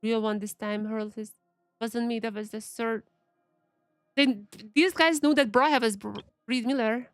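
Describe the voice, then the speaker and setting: A woman's voice: on the high side, fairly even intonation, moderate pace, no room sound, soft background music. A young woman streaming a game, chatting casually and thinking aloud as she reads the game's text. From Eastern Europe. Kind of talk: casual gameplay commentary.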